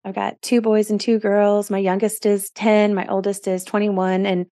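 A woman's voice: medium pitch, little pitch movement, moderate pace, dark tone, no room sound, clean studio sound. A woman in her forties hosting a podcast, talking in an earnest, emotional and reflective way in casual interview chat. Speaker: podcast host.

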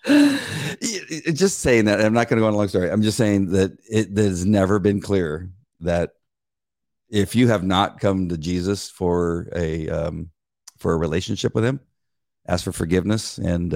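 A middle-aged man co-hosting a casual chat, telling animated stories, acting out voices and laughing often. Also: low-pitched, normal speed, vocal fry, no room sound, clean studio sound. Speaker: podcast co-host.

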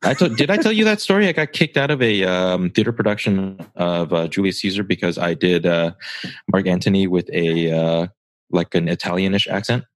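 A man's voice: deep voice, a little fast, dry recording. A man in his twenties co-hosting a podcast, chatting casually and telling stories with candid swearing. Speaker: podcast co-host. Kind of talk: casual chat.

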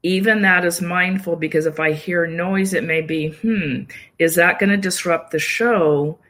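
A woman guest in an interview, talking calmly and explaining at length, now and then acting out short quoted thoughts. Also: on the low side, a little slow. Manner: calm, explanatory, acts out little quoted inner voices. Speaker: yoga nidra practitioner and guest. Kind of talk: casual interview conversation.

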